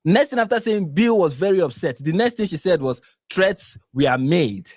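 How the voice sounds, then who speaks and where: A Nigerian-accented man hosting a live reaction commentary. He pushes points over and over with exasperated emphasis, his pitch swinging widely. The sound is close and dry. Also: animated, brisk, darkish tone, no room sound. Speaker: reaction channel host.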